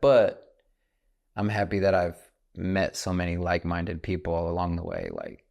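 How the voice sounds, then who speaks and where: A man's voice: low voice, lively intonation, moderate pace, gravelly, darkish tone. A man in his thirties, a podcast host chatting casually, telling stories in an earnest, reflective way. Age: 30s. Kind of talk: casual conversation.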